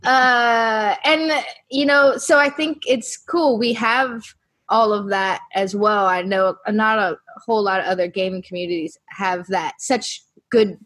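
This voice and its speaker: A woman with a medium-pitched voice talks on a roundtable panel. She sounds upbeat and enthusiastic in a relaxed, chatty way. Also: measured pace. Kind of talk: casual roundtable chat.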